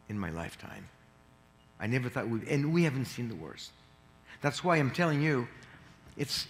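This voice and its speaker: An earnest man in his fifties from France tells a family story to a conference audience, pausing and restarting often. His voice sits in a middling register. The sound carries a long reverb from a large hall. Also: mid-range voice. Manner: earnest, halting with frequent fillers and restarts. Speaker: conference speaker. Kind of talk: personal story in a conference talk.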